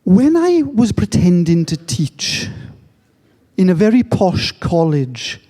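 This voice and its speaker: English man, self-mocking conference speaker, high and mellow, reverberant hall. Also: big pitch swings, slow. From England. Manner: joking, self-mocking storyteller. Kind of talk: conference talk.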